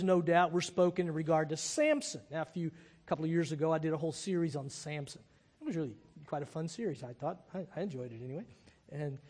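A pastor with a somewhat high voice preaches in a thoughtful, conversational way. His voice rings out with a long reverb, as if he is in a large hall. The delivery is reflective rather than theatrical. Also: darkish tone. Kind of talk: sermon.

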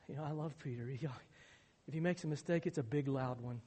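Male pastor, high voice, sermon, emphatic build-ups, echo of a large hall. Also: a little fast, warm tone, slightly rough. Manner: emphatic, rising in intensity on key points. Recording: hall reverb.

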